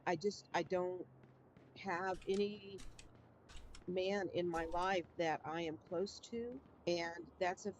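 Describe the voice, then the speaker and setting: A woman's voice: on the low side, fairly even intonation, a little hiss or hum. Hesitant woman in dull lo-fi audio. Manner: hesitant, halting, searching for words. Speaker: scam victim interviewee. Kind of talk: documentary interview.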